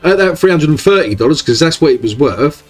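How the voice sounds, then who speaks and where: A man's voice: a little high, animated, brisk, faint music behind. A man giving casual screen-share commentary for his crypto channel, rambling along with lots of fillers and tag questions. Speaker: crypto YouTuber.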